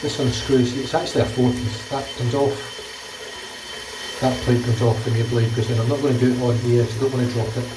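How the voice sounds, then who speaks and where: Shaving his head in his home bathroom, a slightly ill British man chats on his vlog, rambling and cursing freely. His level, medium-pitched voice comes a little fast, off-mic and distant, in an echoey room with background noise.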